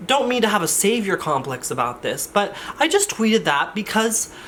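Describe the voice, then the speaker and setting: A man's voice: high-pitched, very animated, normal speed, a bit bright, slight background noise. A man vlogging in a casual, rambling way, often interrupting himself with jokey asides. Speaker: YouTuber. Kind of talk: casual vlog chat.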